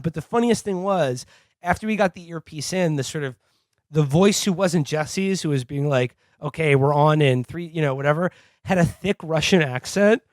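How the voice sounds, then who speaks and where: A man's voice: fairly high pitch, no echo. Rambling, laughing male podcast co-host. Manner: rambling, filler-heavy, laughs often. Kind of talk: casual comedic chat.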